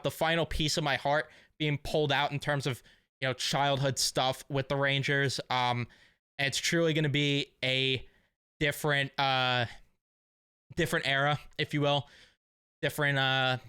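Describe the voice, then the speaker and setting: A man's voice: medium pitch, bright, forceful tone, clean tone, no room sound, clean studio sound. A young man hosting a sports fan vlog, talking in a casual, emotional, rambling way full of fillers. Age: young adult. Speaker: sports fan channel host.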